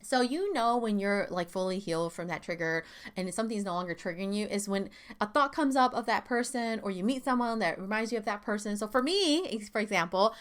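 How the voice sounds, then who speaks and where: A woman's voice: mid-range voice, animated, brisk. A woman hosting a self-help podcast, talking candidly and casually with lots of fillers and asides. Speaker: podcast host.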